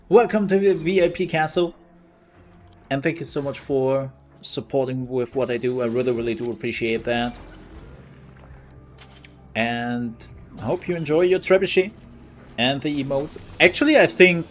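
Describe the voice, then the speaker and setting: Laid-back man streaming a game. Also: mid-range voice. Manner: relaxed, chatty, thanks viewers. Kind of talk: casual gameplay commentary.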